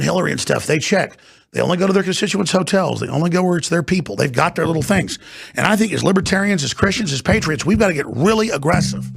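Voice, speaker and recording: A man's voice: sits high, vocal fry, breathy edge. A man hosting a talk show, ranting and mocking in an off-air political monologue from a studio.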